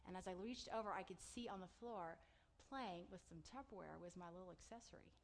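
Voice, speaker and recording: A woman in her thirties sharing a personal testimony, an animated storyteller who acts out her own excited words. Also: lowish voice, brisk.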